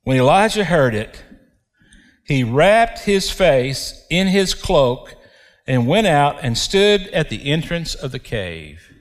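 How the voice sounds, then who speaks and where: Slow, emphatic preaching man. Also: a little high, sing-song, in a large hall. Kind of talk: sermon.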